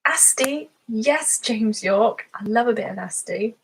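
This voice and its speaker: A woman's voice: a little high, lively intonation, measured pace, creaky, a little hiss or hum. Giggly woman hosting a live stream. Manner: chatty and giggly, laughs often. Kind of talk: casual live-stream chat, reading viewer comments.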